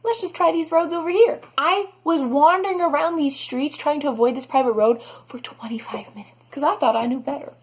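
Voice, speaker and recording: Animated high-voiced young woman vlogger. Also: fairly quick, few pauses. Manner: animated, dramatic, heavy use of "like". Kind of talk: storytime vlog.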